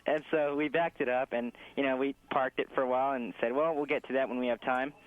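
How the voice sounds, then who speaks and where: A man's voice: medium pitch, steady tone, quick pace, no room sound. Man from Mexico, radio caller; easygoing rambler, phone-line sound. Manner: laid-back, chuckling, rambling. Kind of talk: phone-in conversation.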